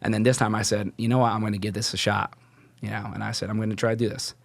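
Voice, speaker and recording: A man's voice: on the low side, level tone, rapid-fire, gravelly, dry recording. A young man telling his personal faith story as a podcast guest, casual and rambling, full of "like" fillers and restarts. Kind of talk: casual testimony.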